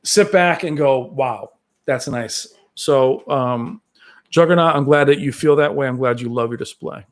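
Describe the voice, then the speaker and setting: A man's voice: fairly high pitch, normal speed. A man chats on a casual live stream, answering viewer comments in a loose, rambling way. He talks in a slightly raised register, with plenty of fillers and restarts. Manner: does brief movie-quote impressions. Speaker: tech channel host reading live chat.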